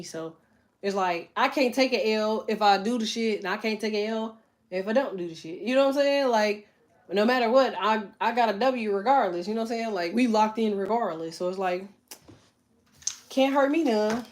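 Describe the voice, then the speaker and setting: A woman's voice: mid-range voice, moderate pace. Blunt, profane middle-aged woman streaming. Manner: blunt, profane, emphatic, talks straight to viewers. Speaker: tarot reader and livestream host. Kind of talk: casual livestream chat.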